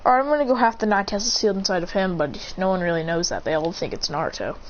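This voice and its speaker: A woman improvises a fan story aloud, rambling and restarting as she goes. Her voice sits at a middle pitch, and the recording is a little dull with faint hiss behind it. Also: lively intonation, fast. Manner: rambling, makes it up on the spot with restarts. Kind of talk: improvised fan-fiction narration. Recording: slightly muffled with faint hiss.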